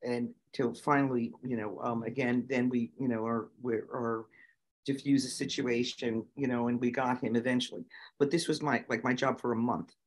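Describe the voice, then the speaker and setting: A middle-aged woman, a guest on an interview show, telling lively stories with many fillers and giving emphatic advice. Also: a bass voice, moderate pace. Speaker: guest, nonprofit founder and autism parent. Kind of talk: conversational storytelling interview.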